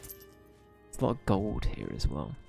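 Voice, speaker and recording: A man's voice: sits low, very animated, slow pace, vocal fry, a little mellow, faint music behind. A man streaming a video game, chatting in a laid-back, rambling way and swearing freely. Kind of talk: casual gameplay commentary.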